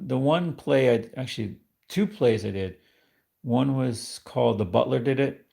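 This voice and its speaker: A man from New York chats loosely with his live-stream viewers, his voice carrying a gravelly, creaky edge. He talks at a middling pitch, rambling from one thought to the next and laughing at himself now and then. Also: darkish tone. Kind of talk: casual live-stream chat.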